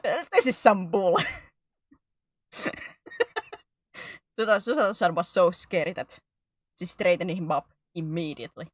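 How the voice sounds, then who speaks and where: A woman's voice: lowish voice, measured pace, long pauses, no echo. A woman streaming a game, chatting casually with her viewers, giggly and self-mocking. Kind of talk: casual chat while playing.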